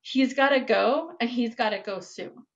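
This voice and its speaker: Stern threatening male dealer, quoted by a woman storyteller, low flat warning voice, muffled sound. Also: normal speed, close to an everyday voice.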